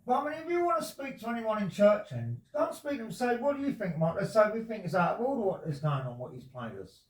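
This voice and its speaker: High lively man, rambling off-mic. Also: fast talker, recorded from a distance. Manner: rambling and insistent, repeats himself. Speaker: resident talking to a visitor. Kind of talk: casual conversation. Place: indoors at his home. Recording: echoey room, off-mic, faint noise.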